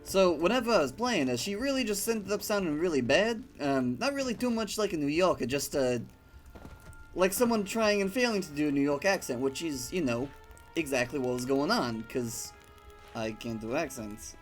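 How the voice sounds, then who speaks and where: Rambling gaming streamer. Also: male voice, a little high, expressive, normal speed, faint music behind. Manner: rambling, filler-heavy storytelling with swearing. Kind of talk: casual let's-play commentary.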